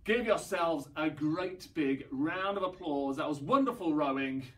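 A man with a fairly high voice leads young children through an action song, with a slow, unhurried delivery. He sings and acts out the sounds playfully, and his voice sits a little back from the microphone. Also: expressive, a bit bright, distant mic. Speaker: children's singing session leader.

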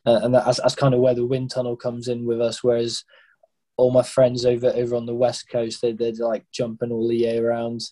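Mellow-voiced English man, halting. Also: mid-range voice, monotone, low-quality recording. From England. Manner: halting, many repeated words and fillers. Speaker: guest, skydiving instructor. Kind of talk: casual podcast interview.

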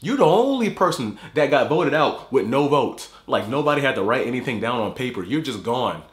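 A man's voice: medium pitch, sing-song, a little fast, reverberant. A man hosting a YouTube reaction video, ranting angrily and swearing, repeating himself as he fires off words. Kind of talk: angry profane reaction rant.

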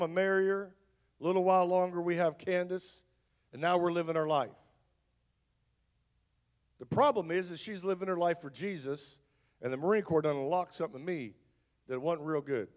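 A man who is a pastor, telling his testimony in a sermon in a conversational storytelling style, with joking asides. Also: high-pitched.

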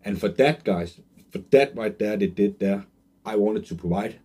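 Emotional young man with a dark husky voice. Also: on the low side, moderate pace. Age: 20s. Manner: earnest and emotional, many fillers and restarts. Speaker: online marketer pitching a course. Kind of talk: personal sales pitch.

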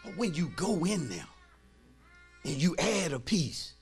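A male pastor preaching a sermon in church, swinging from soft asides to shouting and calling on the congregation to respond. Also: fairly high pitch, sing-song, a little slow, gravelly, soft background music. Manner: colloquial, calls on the congregation to respond.

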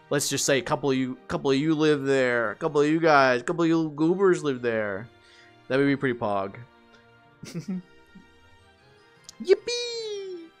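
A man's voice: mid-range voice, brisk, faint music behind. A man chatting casually on a livestream, rambling, swearing and laughing often.

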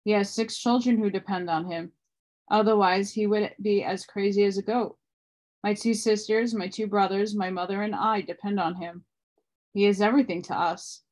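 A woman voicing a serious, daring young boy with a gruff manner while reading an audiobook aloud. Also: medium pitch, fairly even intonation, normal speed, a little mellow, lightly acted. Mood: earnest.

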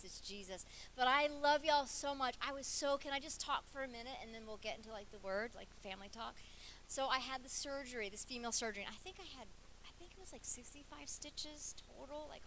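A middle-aged woman guest preacher telling a personal story in a chatty, animated sermon to a church conference crowd. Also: fairly high pitch, slight background noise. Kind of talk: conversational sermon.

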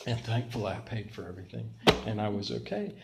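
Older male pastor, lively storyteller. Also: fairly low pitch, quick pace, creaky, heavy background noise. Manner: lively storytelling with self-mocking humor. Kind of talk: sermon.

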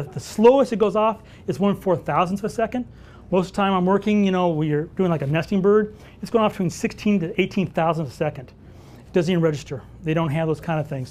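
A man teaching wildlife photography at a live workshop, telling stories and answering audience questions in an animated way. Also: high-pitched. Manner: animated storyteller who acts out dialogue.

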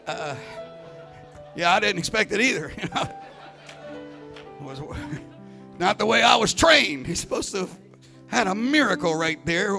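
A man preaching a Pentecostal sermon as a visiting evangelist, telling stories and rising into shouted climaxes. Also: sits high, expressive, slow, pauses often. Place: church sanctuary. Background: soft organ music.

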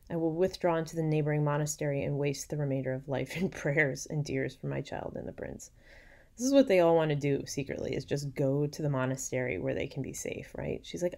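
A young woman who lectures on literature reads a classic novel aloud in a low-pitched, dark voice. She pauses to paraphrase passages in casual, slangy asides and whispers quick remarks on the side.

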